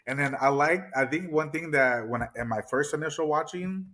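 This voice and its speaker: Excited, rambling man with a bright voice. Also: a little high, a little fast. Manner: excited, rambling, swears freely. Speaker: podcast co-host. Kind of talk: casual movie discussion.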